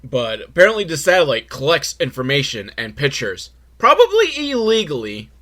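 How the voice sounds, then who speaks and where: Animated sarcastic man recapping a film. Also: on the high side, normal speed. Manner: sarcastic, rambling asides. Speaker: podcast host.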